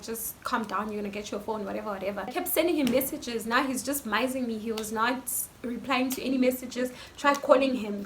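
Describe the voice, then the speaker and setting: A South African woman telling a story in a casual vlog, chatty and animated with lots of fillers, filmed on her phone. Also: fairly high pitch. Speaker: YouTuber. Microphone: phone camera. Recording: faint background noise from phone mic.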